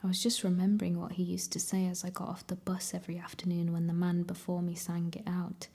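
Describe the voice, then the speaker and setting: A woman reading a novel aloud in a soft, steady whisper, as whispered role-play for relaxation. Her tone is mellow and low with very little rise and fall. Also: fast. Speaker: ASMR reader.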